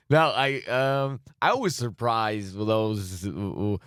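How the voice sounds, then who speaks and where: A man's voice: lowish voice, creaky. A man co-hosting a comedy podcast, mostly listening with short replies and slipping in dry jokes. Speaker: podcast co-host. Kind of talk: casual chat.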